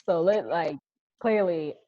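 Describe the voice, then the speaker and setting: A woman with a Charleston accent tells stories on a casual podcast, spelling out local words as she goes. Her voice sits low. The sound is dry and a little dull, like a lo-fi mic. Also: slow, no room sound. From Charleston, South Carolina. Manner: animated storyteller, spells words out. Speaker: podcast co-host. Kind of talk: casual chat.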